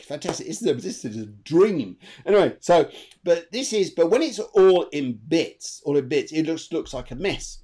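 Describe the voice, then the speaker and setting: Guy doing live psychic readings on a stream, voice all over the place, chatty, repeats stuff. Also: a little high. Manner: animated, chatty, trails off and repeats himself. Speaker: medium and co-host. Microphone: video call.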